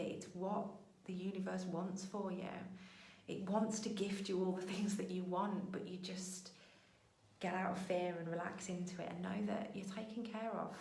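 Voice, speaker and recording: A woman talks in an earnest, heartfelt way, sometimes close to tears. Her voice sits low and has a gravelly edge. The room around her sounds echoey. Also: a little mellow. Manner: emotional, voice breaking into tears at times; earnest, storytelling with acted-out quotes. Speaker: business coach hosting a weekly show. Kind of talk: heartfelt motivational monologue.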